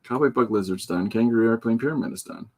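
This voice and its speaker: A man's voice: medium pitch, quick pace, darkish tone, slight background noise. A man, a comic artist hosting his own show, chatting casually and rambling with jokes and asides as he shows his pages. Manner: rambling, joking, with many fillers and asides. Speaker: comic artist and podcast host. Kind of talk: casual rambling chat while showing artwork.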